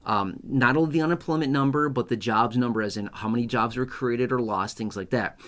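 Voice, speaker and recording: A man's voice: medium pitch, brisk, a bit bright. A man hosting his own video channel, talking straight to his viewers in a chatty, repetitive and emphatic way. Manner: chatty, repetitive, emphatic, acts out skits in raised voice. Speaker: YouTube host. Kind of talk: casual direct-to-camera talk.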